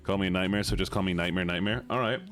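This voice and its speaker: A man's voice: deep voice, racing, a bit bright, soft background music. A man streaming live, chatting casually and playfully with his viewers. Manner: bubbly, playful, chatty with chat.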